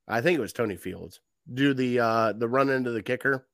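A man's voice: medium pitch, a little fast, a bit bright, no room sound, studio quality. A man co-hosting a casual sports talk show, ranting heatedly. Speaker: podcast co-host.

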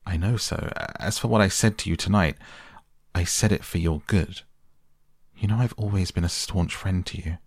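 A man reads an earnest middle-aged painter pleading urgently with a wayward friend, his voice extremely deep and gravelly. The words come husky and close in a dry room, like a bedtime storybook reading. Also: normal speed, no echo. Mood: shocked earnest. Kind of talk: softly read bedtime audiobook.

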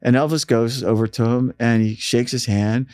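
At moderate pace and mid-range pitch, this radio staffer and interview guest tells lively work stories, raising his voice to act out quotes in the casual chat. His tone is clean. The recording is dry and studio quality.

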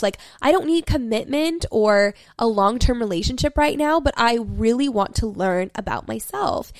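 A woman's voice: mid-range voice, no room sound. A young woman in her twenties hosting a candid solo podcast, talking frankly with lots of swearing and "like" fillers, giving listeners a pep talk. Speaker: podcast host.

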